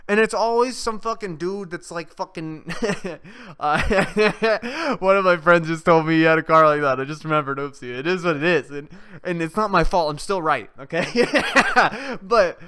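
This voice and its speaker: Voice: mid-range voice, unhurried, bright, forceful tone, clear, resonant tone. A young adult podcast host ranting off the cuff, profane and rambling, sarcastic and laughing at their own jokes. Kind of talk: off-the-cuff solo rant.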